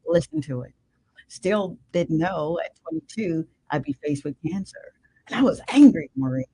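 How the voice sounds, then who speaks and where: A woman's voice: low-pitched, very animated, moderate pace, warm tone, breathy edge, no echo, low-quality recording. An older woman guest telling a personal story of faith in an emphatic, preacher-like way. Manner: emphatic, preacherly, calls listener "man". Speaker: guest, radio show host. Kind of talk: emotional personal testimony.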